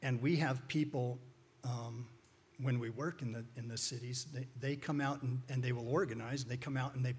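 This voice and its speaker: A man with a husky, slightly breathy voice gives an informal church talk. He tells stories in a folksy, rambling way, stopping and restarting often. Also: medium pitch, steady tone, moderate pace, a little mellow. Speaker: guest speaker.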